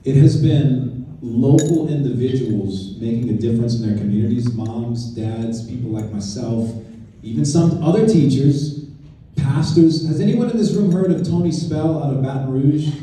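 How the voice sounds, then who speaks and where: Warm in tone and medium in pitch, a man talks at a moderate pace as a guest speaker at a political club, giving an informal speech that is conversational and emphatic with many restarted sentences. He sounds far away in a very echoey meeting room at a club event, with a little hiss or hum on the recording.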